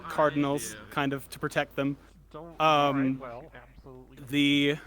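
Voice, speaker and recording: A man running a tabletop game as game master, narrating the scene calmly and giving directions to players. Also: fairly high pitch. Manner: calm descriptive narration, apologetic asides.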